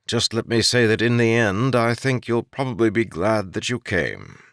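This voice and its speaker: A man's voice: on the low side, expressive, moderate pace, fairly bright tone, dry recording, pitched above the performer's own voice. A man reading the part of a wry male court jester with dry, teasing banter, in an audiobook.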